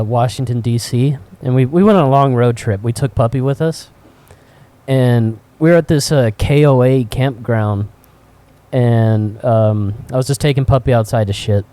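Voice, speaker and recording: A man co-hosting a podcast, telling profane, animated anecdotes with frequent laughter in casual chat. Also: mid-range voice, moderate pace. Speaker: podcast co-host. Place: cigar shop.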